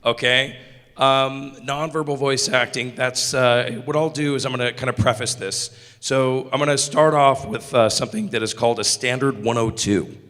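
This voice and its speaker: A man's voice: medium pitch, normal speed. Chatty upbeat guy hosting a voice acting panel, echoey con hall. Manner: energetic, encouraging, chatty. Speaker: voice acting workshop host. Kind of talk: convention panel talk. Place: convention panel room.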